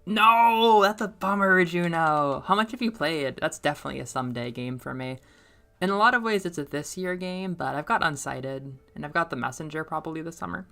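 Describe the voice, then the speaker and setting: Low-voiced chatty woman streamer. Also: fairly quick, gravelly. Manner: rambling and chatty, laughs often, volume jumps when excited. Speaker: streamer and middle school teacher. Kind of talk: casual chat while playing a game.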